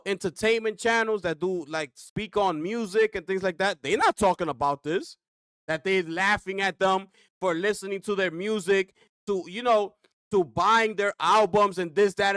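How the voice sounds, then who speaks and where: A man's voice: sits high, moderate pace, a bit bright, clear, resonant tone, no echo, clean studio sound. A man reacting to a clip on a gaming stream, ranting with rhetorical questions and slang.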